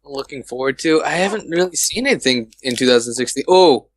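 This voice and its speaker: A Californian American man chats casually on a gaming podcast. His pitch is mid-range and he sounds easygoing, often breaking into laughter. The recording is dry, with no room echo. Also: animated, brisk. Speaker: podcast co-host. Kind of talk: casual chat.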